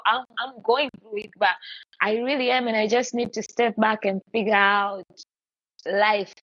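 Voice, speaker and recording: A woman hosting a podcast in casual live-stream chat, talking in a chatty, animated way with many restarts. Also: medium pitch, no echo, highs cut off. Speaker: podcast host.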